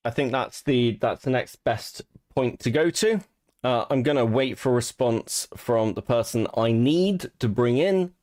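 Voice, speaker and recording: A man's voice: mid-range voice, a little mellow. A man from Europe hosting a livestream, talking casually in a rambling, profane way while he thinks aloud. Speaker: streamer host.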